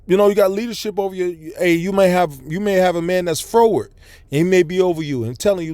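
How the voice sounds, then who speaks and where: A man's voice: high-pitched, fast, a little mellow, no room sound. A man preaching a blunt, profane, scolding street sermon to his listeners.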